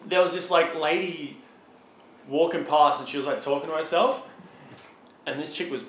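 A man's voice: a little high, normal speed, roomy sound, poor audio. A young Australian man hosting a podcast, telling rambling stories and swearing freely. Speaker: podcast co-host. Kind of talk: casual chat.

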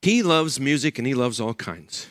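An older man preaching a sermon as pastor, an animated storyteller who acts out the voices of people in his stories. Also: medium pitch, normal speed.

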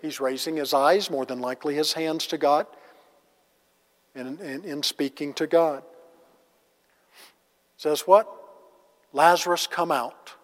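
A man's voice: on the high side, a little slow, pauses often. A man teaching a conversational Bible lesson, casual and asking the class rhetorical questions. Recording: long reverb of a large hall.

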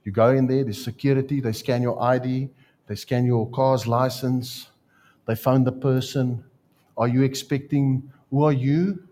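A man with a South African accent preaching a sermon, telling stories with jokes and lively asides. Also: mid-range voice, unhurried. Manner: storytelling, joking, animated asides. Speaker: pastor.

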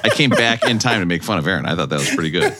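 A man's voice: sits low, very animated, racing, very noisy. A man telling rambling comic bits on a casual podcast, swearing often. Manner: rambling joking storyteller, swears freely. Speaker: podcast co-host. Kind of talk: casual comedic chat.

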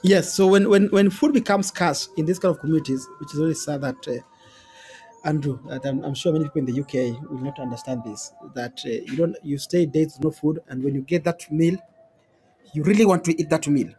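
A man with a Kenyan accent, a guest telling stories in an interview, animated and often repeating words and laughing. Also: fairly high pitch, fairly quick, faint music behind. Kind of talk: storytelling in conversation.

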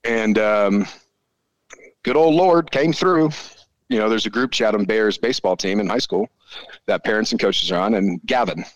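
A man, probably in his forties, telling a story in a casual chat, animated and full of swearing. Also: fairly low pitch, normal speed, dry recording, low-quality recording. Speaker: podcast guest.

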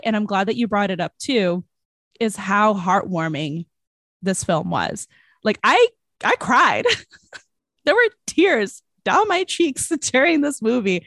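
Recorded dry at studio quality, a young woman with a mid-range voice co-hosts a podcast. She chats casually about a movie, giggling, bubbly and full of filler words.

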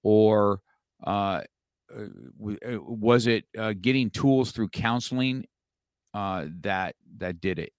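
A man's voice: lowish voice, takes it slowly, clean tone, no echo, clean studio sound. A middle-aged man hosting an interview, talking in a rambling way with many fillers and restarts. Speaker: podcast host. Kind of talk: casual interview chat.

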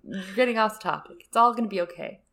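A woman's voice: medium pitch, fast talker, fairly bright tone. A young woman co-hosting a book podcast, playful and enthusiastic, swearing casually as she chats and wraps up the episode. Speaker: podcast co-host. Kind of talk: casual chat and show sign-off.

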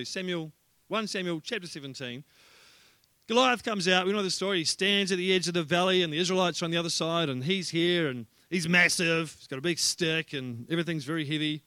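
A male pastor preaching a sermon, with energetic, humorous storytelling. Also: sits high, no room sound.

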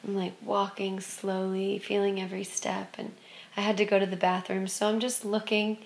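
A woman telling a personal spiritual story in an expressive way, moving from excited loudness to hushed softness. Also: medium pitch, moderate pace, vocal fry.

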